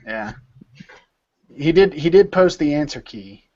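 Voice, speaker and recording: A man's voice: fairly high pitch, animated, measured pace, darkish tone, muffled recording. A man leading an informal study session over a video call, explaining step by step and repeating words as he thinks.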